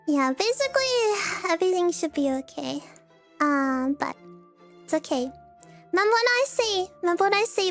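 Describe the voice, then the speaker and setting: Woman, streamer, very high squeaky voice, giggly, over-the-top, self-mocking, casual chat, faint music behind.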